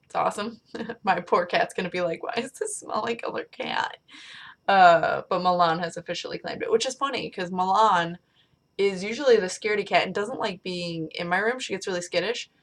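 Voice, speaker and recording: Chatty young woman, slightly low voice. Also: a little fast. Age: young adult. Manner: rambling, chatty, swears casually. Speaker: vlogger. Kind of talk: casual chat to camera. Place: small bedroom. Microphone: webcam.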